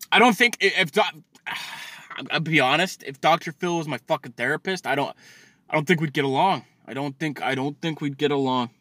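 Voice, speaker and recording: A man ranting comedically, swearing constantly and stammering through restarts, swinging between loud outbursts and low mutters. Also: dry recording, studio quality. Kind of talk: profane comedic rant.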